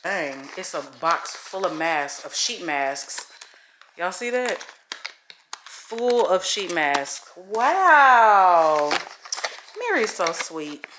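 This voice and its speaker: Animated, profane woman vlogging. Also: fairly low pitch, takes it slowly, noisy background. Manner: animated, profane storytelling to viewers. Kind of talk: casual vlog chat to camera.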